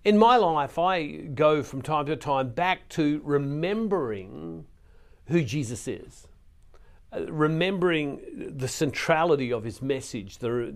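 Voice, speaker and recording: With a medium-pitched, slightly mellow voice, this Catholic minister gives an earnest sermon on scripture. He sometimes starts over mid-thought, and his delivery grows more forceful when he reads passages aloud.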